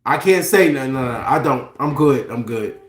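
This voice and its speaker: A man in his thirties hosting a casual livestream, animated, joking and profane. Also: mid-range voice, normal speed, echoey room, a little hiss or hum. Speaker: livestream host.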